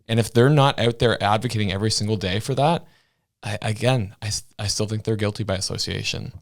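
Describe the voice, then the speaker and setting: Low-voiced man in loose political chat. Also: fairly quick. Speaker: podcast co-host.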